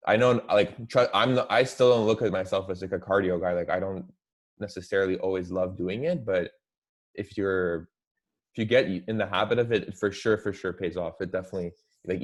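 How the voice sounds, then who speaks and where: A young man talking casually as a guest, relaxed and full of "like" fillers. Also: sits low, brisk. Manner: relaxed, heavy use of "like" fillers. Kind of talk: casual chat.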